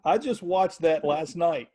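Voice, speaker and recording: A man chatting on a podcast with a slightly husky, raspy edge and a voice a little higher than most men. He laughs easily and jumps in to quote lines he loves. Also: takes it slowly, darkish tone. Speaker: podcast co-host. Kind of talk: casual chat.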